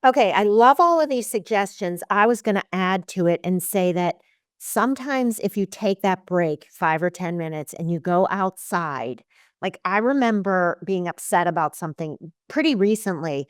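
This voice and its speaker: A woman's voice: medium pitch, expressive, normal speed, smooth, dry recording, studio quality. A woman podcast host chatting with a guest and sharing personal stories. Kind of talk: podcast interview.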